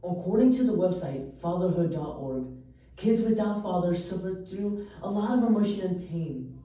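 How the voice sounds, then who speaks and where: A woman giving an earnest, emotional poetry recitation with slow pauses. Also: on the low side, expressive, warm tone. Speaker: poetry reader. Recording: echoey room, voice far from mic.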